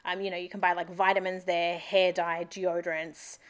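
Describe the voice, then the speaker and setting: A woman's voice: fairly low pitch, flat delivery, moderate pace, clean tone. A young adult Australian woman narrating a planner video in a chatty, rambling, upbeat voice-over. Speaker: planner vlogger.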